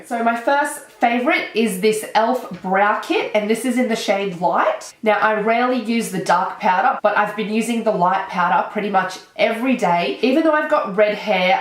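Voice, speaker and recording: Young Australian woman, stuffy-nosed from a cold, chatty and excitable; mid-height voice in an echoey room. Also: mid-range voice, normal speed, hardly any pauses. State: nasal from a cold. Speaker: beauty vlogger. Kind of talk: casual chat.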